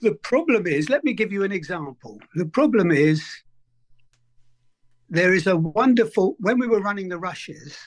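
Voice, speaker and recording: Older man with a high, animated voice. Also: normal speed. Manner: animated anecdotal telling, acts out quoted lines. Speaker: film editor guest. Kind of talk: conversational interview storytelling.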